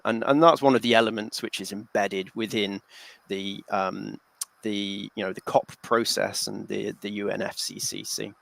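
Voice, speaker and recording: This man has a low, gravelly voice with plenty of fry. He talks thoughtfully as a panel guest, with many fillers and restarts. The recording is dry and close. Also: fairly bright tone, no room sound. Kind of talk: discussion.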